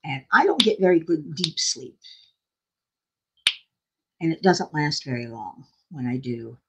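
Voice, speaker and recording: A woman's voice: on the low side, slightly rough. An older woman hosting a casual craft livestream, chatting in a rambling, self-deprecating way and laughing often. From South Florida.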